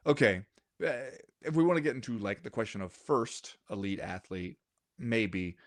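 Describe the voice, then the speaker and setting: A man's voice: on the low side, normal speed, dry recording, clean studio sound. Wry man reading listener comments. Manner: reads listener comments aloud, wry and animated. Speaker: podcast co-host. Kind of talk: casual chat.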